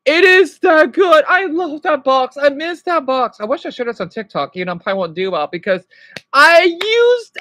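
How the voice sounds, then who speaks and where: Woman streamer, 30s, bright-pitched and animated, chatty reaction banter, dry close sound. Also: moderate pace, no room sound. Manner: chatty, nostalgic, greets viewers by name. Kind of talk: casual live-stream reaction chat.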